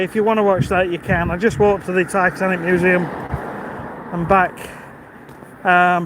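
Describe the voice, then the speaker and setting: A man, chatting on a live stream while walking outdoors and reading out viewer comments. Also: sits high. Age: 50s. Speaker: vlogger. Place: outdoors by a busy road in the evening. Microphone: phone held while walking. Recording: outdoor phone recording with traffic noise.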